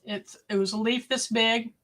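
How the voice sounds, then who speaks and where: A woman's voice: fairly high pitch, steady tone, moderate pace, background noise. Chatty woman hosting a livestream. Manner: chatty, addresses viewers directly. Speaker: homestead livestream host. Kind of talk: casual live-stream chat.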